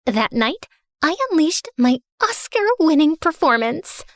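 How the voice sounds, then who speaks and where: Brief: woman playing a spoiled, sarcastic heiress narrating her own story; very high, swooping delivery, close and dry. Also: very animated, unhurried, fairly bright tone, no echo, exaggerated voice. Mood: sassy. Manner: theatrical, sarcastic, self-centered. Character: spoiled, dramatic rich young woman. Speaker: first-person narrator. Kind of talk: animated story narration in character.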